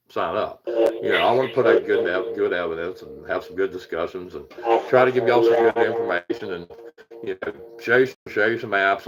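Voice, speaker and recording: A paranormal livestream host from Virginia, with an Appalachian hill accent, chats casually, rambling and chuckling as he reads out viewers' names. His voice is low, and the recording has its highs cut off.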